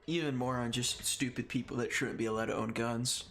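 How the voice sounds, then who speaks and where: A man's voice: medium pitch, fairly even intonation, brisk, fairly bright tone, soft background music. Laughing, profane man chatting on a stream. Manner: laughs through his stories, swears often. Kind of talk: casual chat while gaming on stream.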